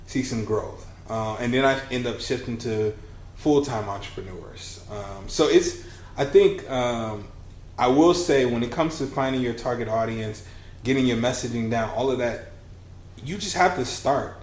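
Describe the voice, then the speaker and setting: A man in his thirties, a podcast guest and business coach, telling his story in a lively conversational way and acting out the dialogue he quotes. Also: mid-range voice, moderate pace. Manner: animated, acts out quoted dialogue. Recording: roomy with faint hiss.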